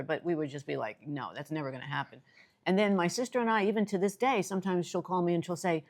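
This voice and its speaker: An older woman from New York City, co-hosting a casual chat and telling stories with lively, rising excitement. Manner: animated storyteller, voice jumps high when excited. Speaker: co-host.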